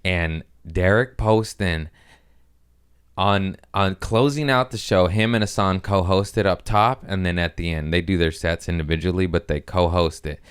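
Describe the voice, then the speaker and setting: A man's voice: low-pitched, measured pace, clean tone. A young man hosting a casual solo podcast, rambling and profane, often laughing at his own jokes. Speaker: podcast host.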